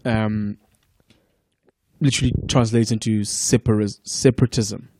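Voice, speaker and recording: A man in his thirties from South Africa, a podcast guest telling stories in a relaxed, profane way and laughing often. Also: on the low side, measured pace, no room sound, clean studio sound. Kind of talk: casual chat.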